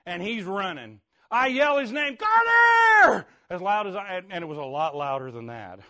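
A middle-aged man preaching, telling a story in an animated way with sudden shouts and frequent restarts. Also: high voice, a little fast. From Indiana. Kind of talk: sermon storytelling.

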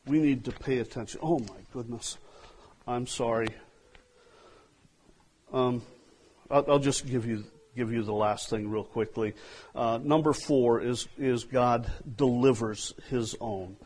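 A pastor preaches to his congregation in an unhurried, husky, mid-range voice. He tells his story with wide swings in volume, rising to loud outbursts and then falling to near-whispered asides.

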